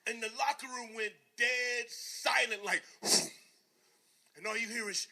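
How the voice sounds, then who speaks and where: A man, a former football player, telling a story to a live audience as a motivational speaker, animated, dropping quiet and then shouting. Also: sits high, measured pace.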